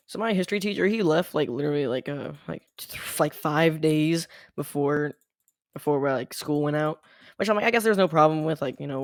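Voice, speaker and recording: A man's voice: on the high side, no room sound, studio quality. A young man telling a rambling school story while playing a game, full of "like" fillers. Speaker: gaming channel host. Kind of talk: casual storytelling over gameplay.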